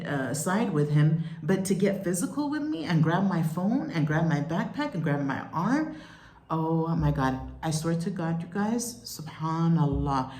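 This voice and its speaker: A woman vlogger telling a frightening travel story in a rushed, shaken, exclaiming way, still upset as she speaks. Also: fairly low pitch, mellow, echoey room. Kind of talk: emotional storytime recounting.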